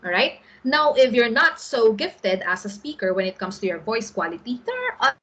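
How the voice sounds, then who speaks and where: A middle-aged woman teacher with a Filipino accent, her voice a little husky and pitched fairly high. She lectures patiently to an online class, pausing often to check that her students follow. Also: big pitch swings, fairly bright tone, muffled recording. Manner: explains patiently, often checks in with "all right?".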